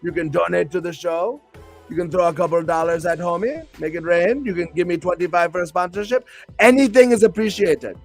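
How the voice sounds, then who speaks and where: A man's voice: high-pitched, a little fast, soft background music. A male host and pro wrestler chatting on a live stream show in a hyped, rambling, playful way.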